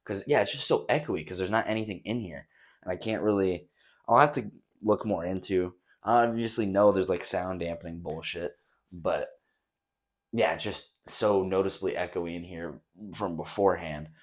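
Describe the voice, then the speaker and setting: Young male podcast host, lowish voice, loose profane rambling, bare echoey bedroom, mic set back. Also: normal speed. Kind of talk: casual solo rambling chat. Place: nearly empty echoey bedroom. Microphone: camera set on a stack of drawers some distance away.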